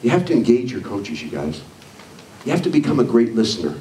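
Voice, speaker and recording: This energetic male trainer delivers a motivational session to a live crowd, animating the voices of the people he quotes. He has a medium-pitched voice and talks fairly quickly, recorded at a distance in an echoey hall with some faint noise.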